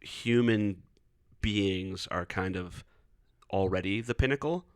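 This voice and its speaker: A man's voice: sits low, slow pace, clear, resonant tone, no room sound, clean studio sound. A man co-hosting a podcast, making wisecracks in casual chat. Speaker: podcast co-host.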